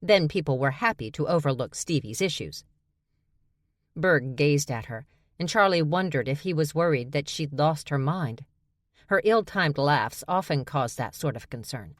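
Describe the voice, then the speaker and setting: A woman's voice: low-pitched, animated, moderate pace, dry recording. A woman narrating an audiobook with wry, dry storytelling. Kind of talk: scripted narration.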